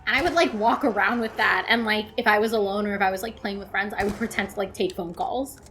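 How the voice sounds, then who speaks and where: A woman's voice: medium pitch, quick pace, a bit bright, a little hiss or hum. Rambling, giggly young woman. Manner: rambling, giggly, many "like" fillers. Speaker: host's girlfriend, co-host. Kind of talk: casual storytelling chat.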